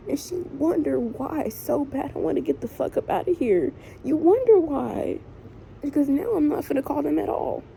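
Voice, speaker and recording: A woman's voice: high-pitched, vocal fry, mellow, slight background noise, poor audio. A young woman vlogging in a frustrated, emotional way, swearing often as she vents. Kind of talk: casual venting vlog.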